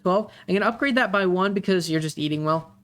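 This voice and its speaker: A game master running a tabletop game in a relaxed way, with many fillers and pauses. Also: medium pitch, faint music behind.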